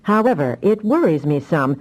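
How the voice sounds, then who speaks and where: A woman's voice: sits low, big pitch swings, normal speed, a little mellow, low-quality recording. A woman reading an audiobook, voicing a polite, worried male freighter captain. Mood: uneasy. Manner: polite, uneasy. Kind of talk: audiobook character voice.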